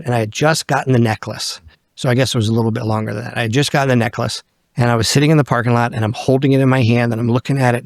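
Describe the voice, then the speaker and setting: A podcast guest in his fifties tells a story bluntly and candidly, swearing freely and acting out what people said. His voice is medium-pitched, captured as clean studio sound with no echo.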